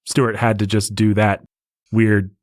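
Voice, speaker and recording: Chatty low-voiced man explaining films. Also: little pitch movement, measured pace, dry recording, clean studio sound. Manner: talkative, explanatory, many restarts. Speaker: podcast co-host. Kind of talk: casual film discussion.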